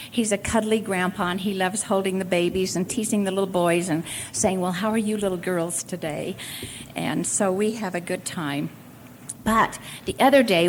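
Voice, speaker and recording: An older woman speaks from a podium at a convention, in a voice of middling pitch. She talks in a folksy way, moving from family anecdotes to her points. A faint hiss sits under her words. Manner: folksy storytelling with occasional laughs. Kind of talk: speech with anecdotes to an audience. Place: convention hall at a college.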